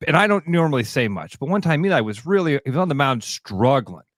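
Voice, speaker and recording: A middle-aged man co-hosts a sports talk radio show in a dry studio sound. His somewhat high voice swings up and down a lot as he tells stories, and he laughs easily. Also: fairly quick, no echo. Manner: animated storyteller who laughs easily.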